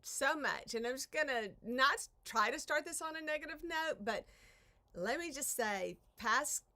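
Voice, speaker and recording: Bright-voiced chatty woman. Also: sits high, animated, normal speed. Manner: chatty, rambling, self-interrupting, sighs at her troubles. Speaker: craft channel host. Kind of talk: casual live-stream chat while crafting. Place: her home art studio, door open.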